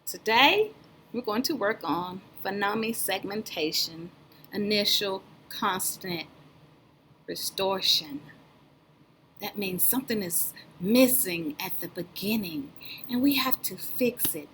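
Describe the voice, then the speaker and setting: A woman's voice: medium pitch, takes it slowly, a bit bright, slight background noise. A woman teacher giving a speech lesson to young children, patient and drawn out in a sing-song way.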